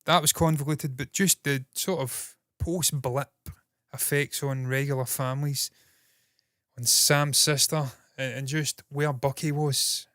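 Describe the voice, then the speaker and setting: A Scottish man hosting entertainment news in casual solo commentary, talking fast with a slightly nasal voice, swearing freely and mocking himself. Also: medium pitch, fairly even intonation, fairly bright tone, no echo, studio quality. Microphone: processed with equalizers, compression and noise gate.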